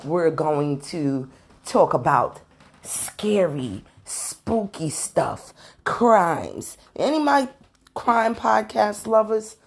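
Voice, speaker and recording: Low-voiced chatty woman podcaster. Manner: chatty, candid, opinionated, slangy. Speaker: podcast host. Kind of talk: casual solo podcast chat.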